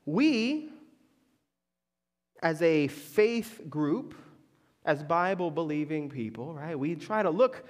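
Lively high-voiced preacher in a hall. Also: male voice, slow pace, pauses often. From Florida, US. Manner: storytelling, keeps checking in with "right?". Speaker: pastor. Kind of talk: sermon.

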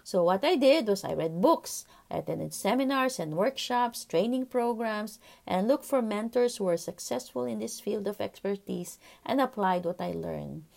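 Woman in her 40s hosting a podcast, earnest storytelling, some fry in her voice, middle pitch. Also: moderate pace, few pauses. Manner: earnest, reflective, steady telling with soft fillers. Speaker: podcast host, pediatrician.

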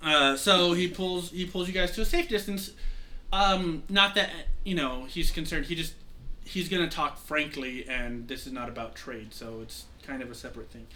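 A man's voice: a little high, steady tone, normal speed, bright, forceful tone. A young man narrating a tabletop game as game master, rambling with lots of fillers. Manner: rambling, heavy use of "like" fillers.

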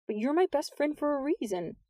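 A woman doing a deadpan, wisecracking teenage boy. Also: high voice, fairly quick, no room sound, voice pushed up. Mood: teasing. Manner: wry, deadpan, teasing.

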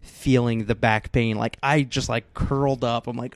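A man's voice: mid-range voice, steady tone, normal speed, no room sound. A man hosting a casual podcast, reading out a listener's list with wry laughs. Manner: wry, laughs often, reads a list aloud. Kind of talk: casual movie chat.

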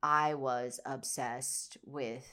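A woman's voice: extremely low pitch, fairly even intonation, drawn-out words, bright, forceful tone. A young woman co-hosting a podcast, chatting casually about a film with lots of fillers. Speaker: podcast co-host.

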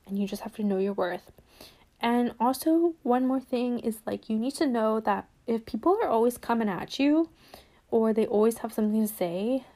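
A woman's voice: on the high side, a little mellow. A young woman hosting a self-help podcast, talking in a chatty, reassuring way with lots of "like" and "um". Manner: chatty, says "like" and "um" often, reassuring. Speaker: podcast host.

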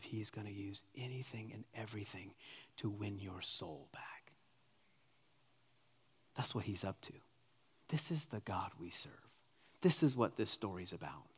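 A man's voice: on the low side, husky. Dynamic male pastor in a reverberant hall. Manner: dynamic preaching, swinging from loud emphasis to hushed near-whispers. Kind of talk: sermon. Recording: long reverb of a large hall.

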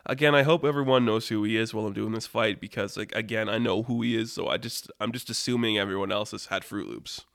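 A man telling an improvised story casually, rambling and animated with lots of fillers. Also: on the low side, fast talker, gravelly, hardly any pauses, no echo. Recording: dry close mic.

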